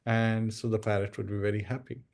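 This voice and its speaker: Mellow-voiced man telling a devotional parable. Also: lowish voice, level tone, a little fast, creaky. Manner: storytelling, addresses listeners as devotees. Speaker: spiritual speaker. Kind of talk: devotional discourse storytelling.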